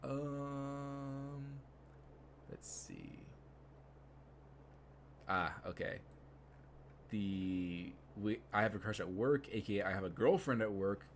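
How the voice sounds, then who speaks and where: A man's voice: lowish voice, animated, slow pace, long pauses, slight background noise. A young man streaming live, rambling casually with many fillers and restarts.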